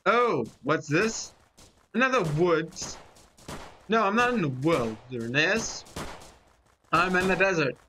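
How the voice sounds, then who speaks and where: A person in their twenties giving excited, rambling gameplay commentary, talking straight to viewers and poking fun at themselves. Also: medium pitch, slow pace, long pauses, slight background noise. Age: 20s. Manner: rambling, animated, talks to viewers, self-mocking. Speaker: gaming commentator. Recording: loud game gunfire under the voice.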